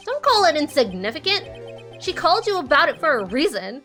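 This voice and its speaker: Eager teenage girl, read by a woman in a raised voice, earnest, lively, soft game music under her. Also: sits high, a little fast, voice pushed up, exaggerated voice. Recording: faint game music behind.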